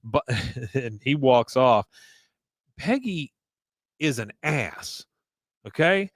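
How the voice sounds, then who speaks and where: A man hosts a casual podcast recap of a cartoon episode. He narrates in an ordinary middle-pitched voice and slips into exasperated outbursts, acting out the characters. The recording is dry and close. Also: extremely slow, dry recording. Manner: animated, exasperated, acts out quotes. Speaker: podcast host.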